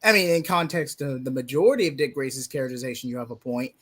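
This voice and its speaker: A man's voice: medium pitch, animated, quick pace, a bit bright. A man co-hosting a casual comics discussion, jokey and playful. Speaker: podcast co-host. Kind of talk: casual chat.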